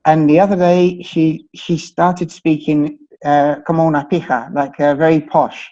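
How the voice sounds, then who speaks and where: A man's voice: fairly high pitch, little pitch movement, a little slow, dark tone. A man with a British accent, chatting and telling anecdotes as a teacher in a webinar discussion. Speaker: English teacher. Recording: dull lo-fi sound.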